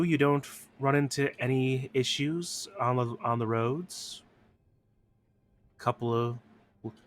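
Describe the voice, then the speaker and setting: A man narrating a tabletop game as game master, describing scenes in a slow, measured way. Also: medium pitch.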